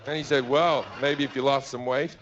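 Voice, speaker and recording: A man's voice: mid-range voice, fairly even intonation, moderate pace, a crowd in the background. A man with an Australian accent doing stand-up, telling a crude, profane story and acting out the people in it. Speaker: stand-up comedian. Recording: dull lo-fi live recording with noise.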